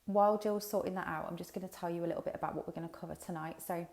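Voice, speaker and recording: Racing along in a lowish, slightly mellow voice with steady tone and vocal fry, a woman hosts a casual livestream as a business coach. She talks directly to her viewers over a headset mic, chatty and unfiltered, swearing freely.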